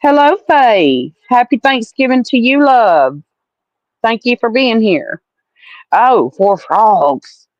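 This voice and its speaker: A woman's voice: on the high side, big pitch swings, slow pace, dry recording, highs cut off. A woman from Alabama with a Southern accent, chatting with viewers on a casual livestream, blunt and salty, calling people honey. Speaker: livestream host.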